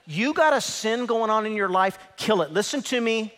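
A man preaching a sermon as pastor, with dramatic swings that swell into shouts. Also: high-pitched, animated, moderate pace. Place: church auditorium. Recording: large hall reverb.

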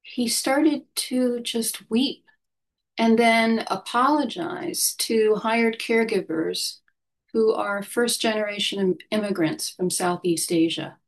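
Slow, soft-spoken woman telling a story. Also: on the high side. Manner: slow, gentle and thoughtful, often dropping to a soft voice. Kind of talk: reflective personal storytelling.

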